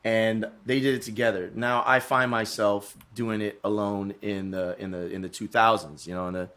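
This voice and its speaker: A man's voice: fairly low pitch, little pitch movement, normal speed, fairly bright tone. A man in casual podcast chat, telling travel stories in a rambling way with frequent swearing. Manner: rambling, swears, restarts often. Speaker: guest.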